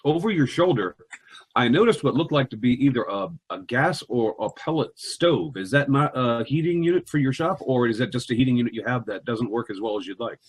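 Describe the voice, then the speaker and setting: A man's voice: medium pitch, lively intonation, fairly quick, breathy edge. A man co-hosting a podcast, chatting enthusiastically and jokingly with frequent stammered restarts. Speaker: podcast co-host. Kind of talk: casual chat.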